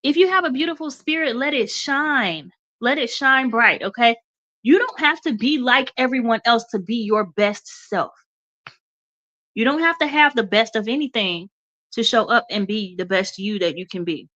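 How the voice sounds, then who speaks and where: Woman radio host, bit stuffy, bright high voice, pep talk to y'all, kinda muffled. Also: lively intonation, normal speed. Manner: encouraging, addresses listeners as y'all, repeats okay. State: a little stuffy, congested. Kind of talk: motivational talk.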